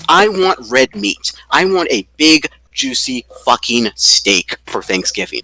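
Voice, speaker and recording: A man's voice: mid-range voice, sing-song, measured pace, few pauses, sharp tone, no room sound, poor audio. A man co-hosting a podcast, chatting casually and ranting with profanity and emphasis. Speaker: podcast co-host. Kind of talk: casual chat.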